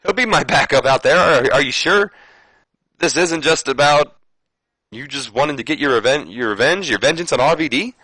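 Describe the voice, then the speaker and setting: A man voicing a boastful aging male wrestler in a gameplay retelling, excited and stammering. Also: a little high, normal speed, slightly rough, dry recording, pitched above the performer's own voice, heavily acted, rough recording. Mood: flustered.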